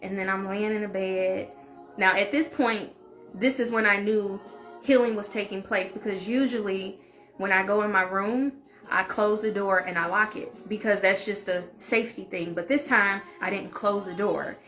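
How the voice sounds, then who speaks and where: Bright-voiced woman telling a frank story. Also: medium pitch, moderate pace, soft background music. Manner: animated, frank, peppered with "like" and swearing. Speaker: vlogger and healing channel host. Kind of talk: casual story-time monologue.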